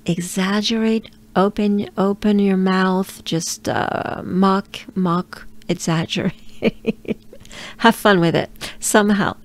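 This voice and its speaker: A woman with a French accent leads a pronunciation lesson at a very slow, unhurried pace. Her pitch sits in an ordinary middle range, and she repeats each sound patiently while encouraging the listener. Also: steady tone. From France. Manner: encouraging, repeats sounds slowly, laughs lightly. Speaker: pronunciation coach.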